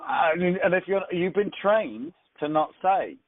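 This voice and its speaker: Coach guy on a phone call, kinda high voice, talks it out, repeats stuff. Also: animated, a little slow, slight background noise. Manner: reassuring, repeats himself while explaining. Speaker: sales coach. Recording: tinny phone line.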